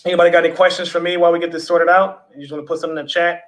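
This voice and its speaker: A man's voice: a little high, rapid-fire, rough recording. A man hosting a casual livestream, chatting loosely with viewers and swearing now and then. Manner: relaxed, chatty, swears casually, talks to the chat. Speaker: livestream host.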